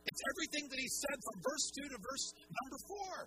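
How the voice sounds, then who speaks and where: A man's voice: very high-pitched, very animated, brisk, bright, forceful tone, soft background music. A man preaching a sermon as pastor to a large congregation in a church, asking questions and pressing each point home. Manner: emphatic preaching with rhetorical questions. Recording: noisy live sermon recording.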